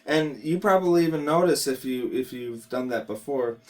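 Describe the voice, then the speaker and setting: A man giving a casual guitar lesson, explaining strumming in a relaxed way and counting beats aloud. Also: medium pitch, moderate pace. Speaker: guitar teacher. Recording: guitar playing behind the voice.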